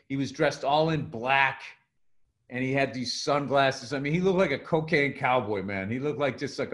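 A middle-aged man co-hosting a loose podcast chat. He tells stories with a lot of swearing, drops into little voices for quoted lines, and keeps a steady, middling pitch. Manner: animated storytelling, swearing, acts out quotes. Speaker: podcast co-host, comedian.

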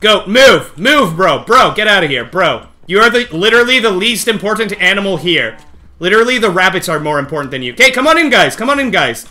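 A man streaming a game live, talking excitedly to his chat and coaxing the animals along, often shouting and laughing. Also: high voice, a little fast. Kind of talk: excited live gameplay commentary.

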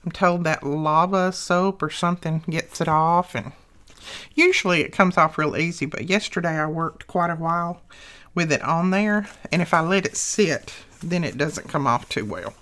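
A woman's voice: low-pitched, moderate pace, fairly bright tone. An older woman hosting a crafting video, chatting casually and telling homey family stories as she works. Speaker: crafting channel host.

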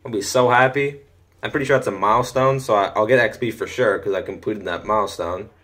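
A teenage boy casually commenting on a football video game from home, chatty, easily excited and often muttering to himself. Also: fairly low pitch, brisk. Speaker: gaming commentator. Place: home room.

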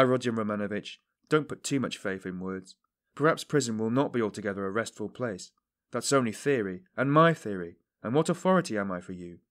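In audiobook narration, a man voices an earnest middle-aged investigator who presses and pleads with a suspect, fervent, preachy, and urging. His mid-range voice, close to an everyday one, often lifts higher and louder as he urges.

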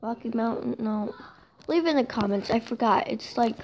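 A woman's voice: fairly high pitch, normal speed, a little hiss or hum. A woman giving casual, chatty game commentary from home, often mocking herself and apologizing, on a dull home mic. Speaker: gameplay commentator. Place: home room with noisy brothers and a cat.

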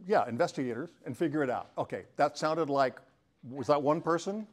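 A man's voice: fairly high pitch, a little fast. An older man giving a casual presentation to a live audience, chatty and joking, bantering with the crowd. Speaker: talk presenter.

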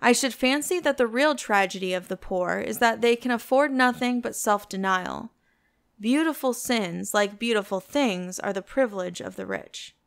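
A woman's voice: a little high, normal speed, clear, resonant tone, close to an everyday voice. Woman reading a languid cynical aristocrat. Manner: languid, epigrammatic.

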